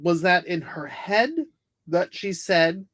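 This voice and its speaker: A man co-hosting a podcast in a casual recap chat, talking haltingly and asking questions. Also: high voice, fairly even intonation, fairly bright tone, dry recording, studio quality. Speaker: podcast co-host.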